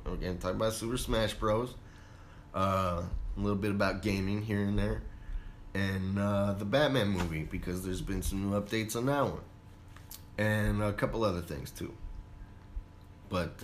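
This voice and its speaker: A man's voice: fairly low pitch, normal speed, a little hiss or hum. A man from Colorado hosting a casual solo podcast, laid-back and rambling, swearing freely. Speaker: podcast host.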